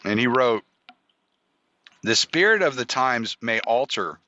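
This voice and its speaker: He's slow and lively in pitch, his mid-range voice pushed and bright, as he spins a profane, rambling personal story on his podcast with lots of restarts and quoted dialogue. The casual monologue comes through a dull, dry lo-fi recording with a touch of hiss or hum.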